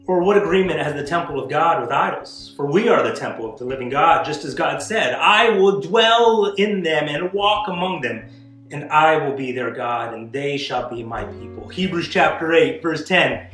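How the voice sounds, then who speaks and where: A man's voice: on the high side, lively intonation, moderate pace. A man preaching a sermon, reading scripture and speaking earnestly, often restarting his phrases as he builds to emphatic declarations. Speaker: pastor. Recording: echoey room with soft guitar behind.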